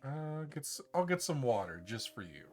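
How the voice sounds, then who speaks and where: A man's voice: mid-range voice, normal speed. Rambling man chatting on a live stream. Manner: rambling, relaxed, with laughs and filler restarts. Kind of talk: casual live-stream chat.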